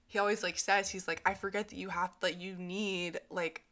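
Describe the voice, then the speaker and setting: A woman's voice: lowish voice, level tone, normal speed, bright, forceful tone. A young woman co-hosting a podcast, telling stories in casual chat and acting out the quotes. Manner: chatty storyteller, acts out quotes, laughs often. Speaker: podcast co-host.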